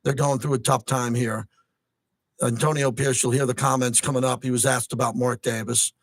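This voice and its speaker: Here a man with a mid-range voice runs a sports talk radio program from a studio, going on at length at a normal pace. It's a dry recording on a close studio mic; he's excitable by nature and gets worked up to the edge of shouting when provoked.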